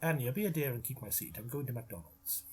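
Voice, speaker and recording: A man's voice: mid-range voice, lively intonation, quick pace, a little mellow, husky. A man co-hosting a casual film commentary, joking around and eating while he talks. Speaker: commentary co-host.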